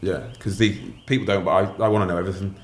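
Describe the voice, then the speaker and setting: Man, middle-aged, very deep voice, candid storytelling, roomy echo. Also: steady tone, rapid-fire. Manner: candid, matter-of-fact storytelling. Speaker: podcast guest. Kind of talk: casual storytelling interview.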